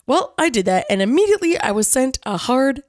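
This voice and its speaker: A woman in her forties, a podcast host, telling a personal story in a playful, animated scripted narration. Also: sits high, fairly quick, no room sound. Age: 40s.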